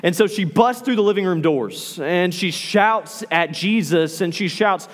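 A man preaching a sermon as a pastor, animated, acting out the lines he quotes. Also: a little high, normal speed, few pauses, big-room sound.

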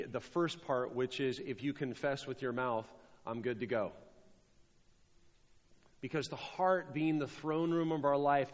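A man preaching a sermon as a pastor, stressing and repeating key phrases. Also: medium pitch. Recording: dull sound with long hall reverb.

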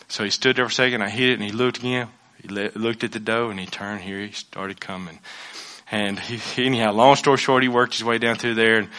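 A man's voice: mid-range voice, bright, forceful tone. A man preaching a sermon, telling a folksy personal story with many restarts.

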